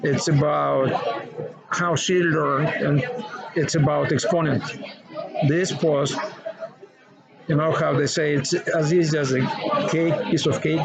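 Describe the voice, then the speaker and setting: A man with a Russian accent, a former teacher talking casually, animated and laughing often, in broken English. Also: fairly high pitch, takes it slowly, vocal fry, pauses often. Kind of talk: casual conversation. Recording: dull sound with crowd noise.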